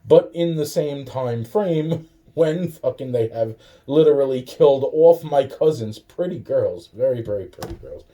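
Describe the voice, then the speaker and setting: A man's voice: mid-range voice, animated, a little slow, warm tone. A young man rambling to camera in a profane, laughing monologue full of restarts. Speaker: vlogger.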